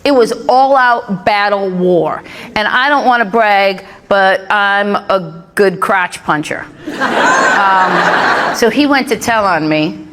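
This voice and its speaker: Taking it slowly in a sing-song, mid-range voice, a middle-aged stand-up comedian works a club crowd with brash, punchy stories. Her jokes draw loud audience laughter, and there's background noise throughout the live recording.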